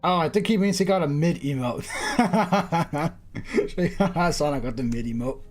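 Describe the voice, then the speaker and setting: A man's voice: fairly high pitch, animated, slow, faint music behind. A man streaming a game, joking with chat and stumbling over words.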